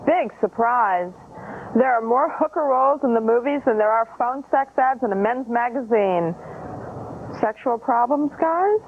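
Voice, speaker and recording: Teasing woman hosting a film show. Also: a little high. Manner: playful, teasing. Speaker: host. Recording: tinny lo-fi broadcast sound, faint hiss.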